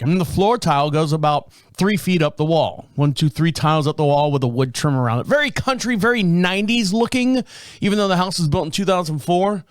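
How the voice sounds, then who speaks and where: A man's voice: high voice, clean tone, no echo. Joking, rambling man on a dry mic. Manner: joking, rambling, self-deprecating. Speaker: podcast host. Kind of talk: casual storytelling monologue.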